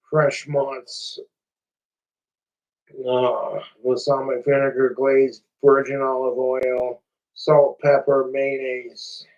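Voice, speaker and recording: A man's voice: medium pitch, a little mellow, recorded from a distance, dull audio. A man chatting casually on a livestream, rambling, profane and repetitive.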